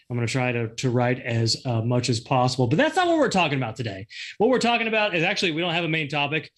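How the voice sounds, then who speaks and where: A man's voice: on the high side, a bit bright. A man hosting a casual podcast, rambling and correcting himself, laughing often. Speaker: podcast host. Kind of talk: casual chat.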